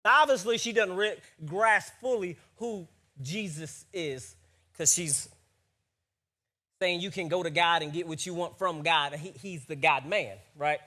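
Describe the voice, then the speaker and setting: A man preaching a sermon as pastor, animated and often checking in with listeners with a quick question. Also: high voice. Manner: animated, keeps checking in with the audience with "right?".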